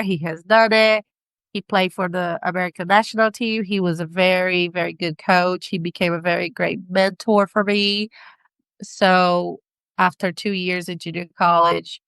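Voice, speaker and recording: A woman's voice: on the low side, a bit bright, clear, resonant tone, dry recording. A middle-aged woman speaking English with a non-native accent, chatting as a podcast guest and laughing often as she searches for words. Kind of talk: casual interview chat.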